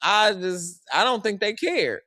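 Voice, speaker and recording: Joking and slangy, this young streamer offers animated, conversational live commentary on a basketball game. He speaks a little slowly in a high-sitting voice, with studio-quality sound and no room sound.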